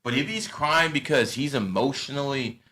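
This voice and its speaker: A man in his thirties hosting a casual chat, blunt and profane, swinging from loud rants to low asides. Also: moderate pace, a little hiss or hum. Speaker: podcast host.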